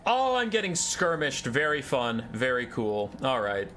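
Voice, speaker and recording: Bright-voiced sarcastic game streamer man. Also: medium pitch, sing-song, unhurried, a little hiss or hum. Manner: sarcastic, joking asides. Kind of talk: live gameplay commentary.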